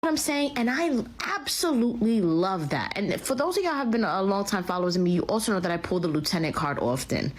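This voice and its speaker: A woman's voice: mid-range voice, big pitch swings, quick pace, few pauses. A woman telling a story to her followers in a smug, boastful way. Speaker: social media poster. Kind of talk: casual storytelling to camera.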